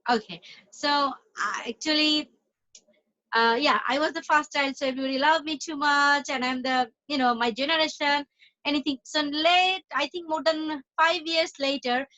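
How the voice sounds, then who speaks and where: High, bright-voiced Bangladeshi-born woman on a call. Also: steady tone, normal speed. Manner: talkative, repeats and restarts phrases often. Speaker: interview guest, entrepreneur. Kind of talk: casual interview chat. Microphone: video call. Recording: dull lo-fi call audio.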